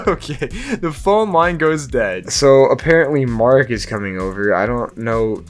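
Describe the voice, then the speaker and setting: A man's voice: medium pitch, lively intonation, unhurried, hardly any pauses, soft background music. A young man hosting a gaming channel, reading an AI-written text adventure aloud and reacting, laughing often, swearing and trying silly voices for the characters.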